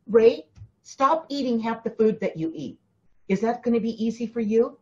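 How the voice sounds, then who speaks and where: A woman's voice: fairly high pitch, normal speed, warm tone, dull audio. A woman hosting a spiritual coaching talk, speaking emphatically to her listeners, often repeating herself and addressing them directly. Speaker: spiritual teacher and host.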